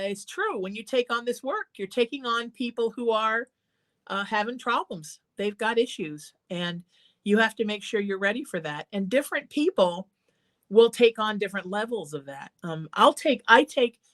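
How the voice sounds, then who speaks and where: A woman hosting a call-in talk show, giving earnest, encouraging advice in a conversational way. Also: mid-range voice. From Irish heritage. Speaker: psychic talk show host.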